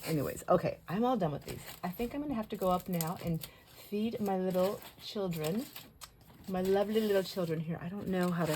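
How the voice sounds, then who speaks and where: A middle-aged woman and grandmother chatting casually while she crafts at home. She rambles and often drops into soft, near-whispered asides. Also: fairly low pitch, fairly quick, slight background noise.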